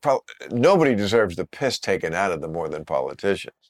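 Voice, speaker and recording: Older man hosting, lively pitch. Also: brisk. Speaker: talk show host. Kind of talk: casual chat and read sponsor ad.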